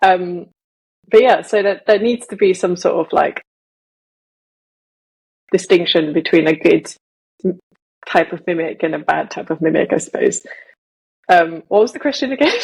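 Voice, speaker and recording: A woman's voice: on the low side, lively intonation, normal speed, creaky, long pauses, slightly rough, rough recording. A young woman with a British accent chatting on a podcast, rambling and hesitant with many fillers and restarts. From Malaysia. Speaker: podcast co-host. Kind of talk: casual podcast chat.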